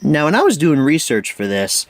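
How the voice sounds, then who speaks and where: A man's voice: a little high, huge pitch swings, normal speed, no echo, clean studio sound. A young man in his twenties hosting a casual home media review, chatty and wry, who often stumbles over his words. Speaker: host.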